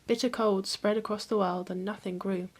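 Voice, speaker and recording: Calm and even, a history-channel host reads aloud from a book of mythology, her storytelling steady. She has a mid-range voice and speaks at normal speed.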